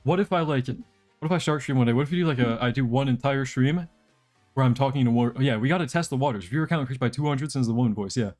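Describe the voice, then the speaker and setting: Young man, game streamer, casual live chat, rambling and joking, mid-pitched voice, faint music behind. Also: quick pace, a little mellow. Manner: rambling, joking, talks to chat while playing. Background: faint background music.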